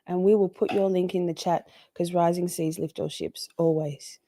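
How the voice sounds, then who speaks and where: A woman's voice: lowish voice, steady tone, normal speed, hardly any pauses, dark tone, no echo. Chatty woman livestreamer, dry close sound. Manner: chatty, greets viewers by name. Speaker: livestream host. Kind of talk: casual livestream chat.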